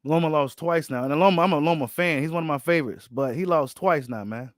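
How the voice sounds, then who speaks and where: A man hosting a boxing channel, giving casual, animated reaction commentary full of slang and repeated phrases. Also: a little high, fast talker, dry recording, clean studio sound.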